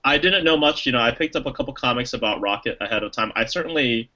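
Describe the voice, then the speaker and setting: Fast and forceful, a man with a bright, medium-pitched voice co-hosts a podcast and chats casually about a movie. He rambles with lots of restarts and fillers and acts out quoted lines. The sound is lo-fi.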